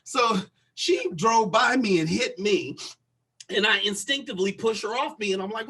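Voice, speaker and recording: A young man co-hosting a casual podcast, an animated storyteller who acts out the people he quotes. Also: sits high, normal speed, husky. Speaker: podcast co-host.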